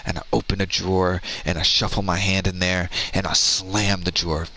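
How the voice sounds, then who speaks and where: Gravelly low-voiced man telling a story. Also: a little fast, noisy background. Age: 30s. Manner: rambling, profane, animated storyteller. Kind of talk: casual storytelling chat.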